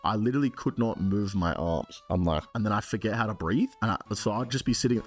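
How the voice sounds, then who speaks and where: A young man streaming live, telling a wild story to his chat in a casual, profane and animated way. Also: quick pace, soft background music. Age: young adult. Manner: animated and profane, swinging from loud outbursts to low mutters.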